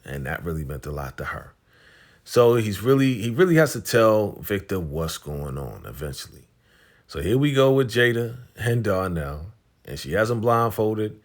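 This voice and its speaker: A man talks through a TV episode in a loose, slangy recap. His voice sits very low. He paraphrases the characters' lines as he goes, like he is telling a friend what happened. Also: sing-song, normal speed. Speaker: TV recap host.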